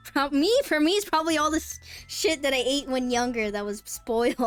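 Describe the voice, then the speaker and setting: A woman streaming live, chatting casually with her viewers, bubbly and easily excited, then dropping to soft mutters. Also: sits high, normal speed, soft background music. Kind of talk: casual live-stream chat, reading chat aloud.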